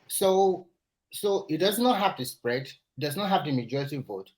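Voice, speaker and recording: Halting man arguing on a panel. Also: fairly high pitch, animated, rough recording. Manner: halting, restarts words, argues steadily. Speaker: panel guest. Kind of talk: heated political panel discussion.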